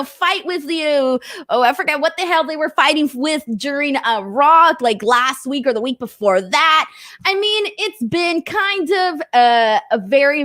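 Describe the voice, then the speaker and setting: A young American woman hosting a wrestling predictions livestream, lively and expressive, often breaking into laughter. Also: high-pitched, no echo, clean studio sound. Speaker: host. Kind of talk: casual livestream chat.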